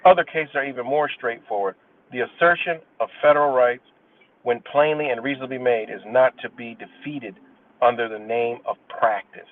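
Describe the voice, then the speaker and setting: A man's voice: medium pitch, fairly even intonation. Profane man ranting over a tinny line. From New York State. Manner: blunt, profane, reads case citations haltingly then rants. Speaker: livestream host. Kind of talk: reading aloud and commenting on a livestream. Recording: tinny phone-like sound, distant from the mic, dry.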